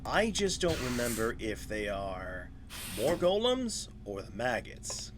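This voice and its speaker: Slow-talking man with lively pitch. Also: background noise. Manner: talks to himself and to enemies, laughs often. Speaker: gameplay streamer. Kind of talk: casual let's-play commentary.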